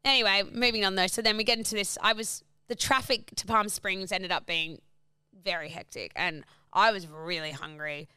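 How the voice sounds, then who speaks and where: Woman co-host, bright crisp voice, dry mic, rambling chatty storyteller. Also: mid-range voice, fairly even intonation, normal speed, no room sound. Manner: rambling storyteller, lots of fillers. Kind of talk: casual chat.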